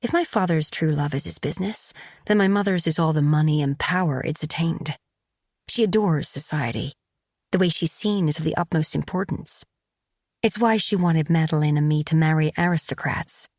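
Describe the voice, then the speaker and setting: A woman voicing a soft, husky young lady. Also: low-pitched, normal speed, no echo, clean studio sound. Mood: gentle. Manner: soft and quiet. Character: young noble wife, gentle and sympathetic.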